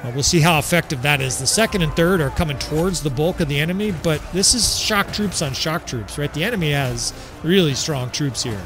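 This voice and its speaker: A man giving casual, excitable gameplay commentary as he sets up a battle, swearing freely and laughing often. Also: fairly high pitch, brisk, hardly any pauses, over music.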